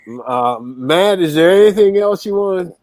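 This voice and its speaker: A man's voice: sits high, lively intonation, normal speed, a little mellow. A man hosting a casual interview, wrapping it up with brief, joking asides.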